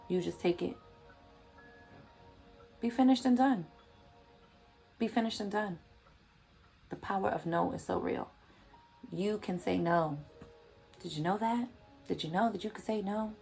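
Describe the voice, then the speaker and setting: A woman with a low, gravelly voice gives motivational vlog commentary. She preaches with emphatic repetition. Faint music plays behind her. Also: steady tone, moderate pace, long pauses, darkish tone. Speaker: vlogger.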